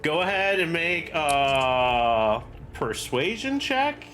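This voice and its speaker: A man narrating as game master of a tabletop game, talking slowly with plenty of fillers. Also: fairly high pitch, big pitch swings, fairly bright tone, soft background music. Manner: slow, drawn-out narration with fillers.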